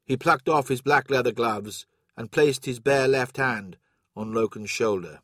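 A man narrating an audiobook in a steady, even storytelling manner. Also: medium pitch, measured pace, dry recording, studio quality. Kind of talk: scripted narration.

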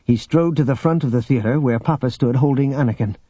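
A man narrating an audiobook in a steady, expressive storytelling manner. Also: medium pitch, brisk, husky, no room sound. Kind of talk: scripted narration. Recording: dull lo-fi audio with music.

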